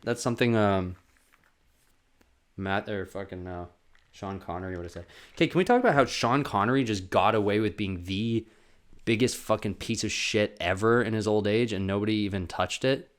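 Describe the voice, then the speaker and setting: Low-voiced man rambling through a podcast. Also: normal speed. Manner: rambling, profane and jokey. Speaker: podcast host. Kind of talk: casual solo podcast monologue.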